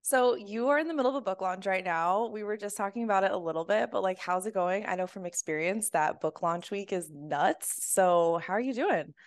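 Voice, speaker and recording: A woman's voice: medium pitch, fairly quick, hardly any pauses, no echo, studio quality. Upbeat woman hosting a podcast interview. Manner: upbeat, uses "like" often, frequent affirmations. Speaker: podcast host. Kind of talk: casual interview chat.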